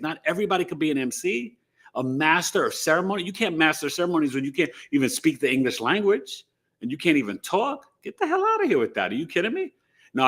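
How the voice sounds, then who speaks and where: A man from New City, hosting a live astrology stream in casual, slangy, emphatic chat. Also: a little high. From New York City. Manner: animated, emphatic, slangy, boastful. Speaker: astrology show host.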